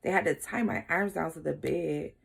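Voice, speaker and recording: A young woman vlogger telling a personal story in a candid, casual way, brushing details aside with quick throwaway remarks. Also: low-pitched, creaky, breathy edge. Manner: casual, shrugging asides like "blah, blah" and "whatever".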